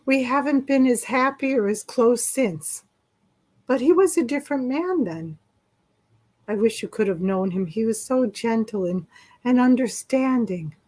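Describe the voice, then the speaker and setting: A woman playing a gentle, fluttery wife. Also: fairly high pitch, lively intonation, unhurried. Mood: wistful. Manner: soft, fluttery, wistful. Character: gentle, sentimental wife of the judge. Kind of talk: live script reading.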